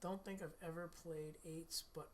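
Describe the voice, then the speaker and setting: A middle-aged man, slightly hoarse from losing his voice, hosts a livestream and chats in a relaxed, rambling way with viewers between guitar playing. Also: a little high, normal speed, a little hiss or hum. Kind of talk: casual chat with live viewers.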